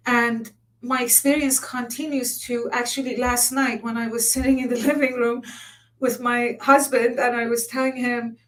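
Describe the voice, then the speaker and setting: A woman from Iran, a lawyer, telling a personal story in a talk, earnest and emotional with halting restarts. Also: on the high side, level tone, distant mic, low-quality recording. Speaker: lawyer and summit speaker. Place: conference stage.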